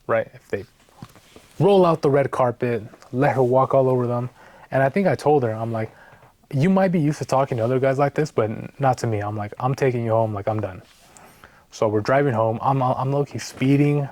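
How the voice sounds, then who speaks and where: A man's voice: mid-range voice, a little mellow, dry recording. A man telling a story in a casual vlog, in a frank, exasperated way that keeps checking in with "right?". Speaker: vlogger.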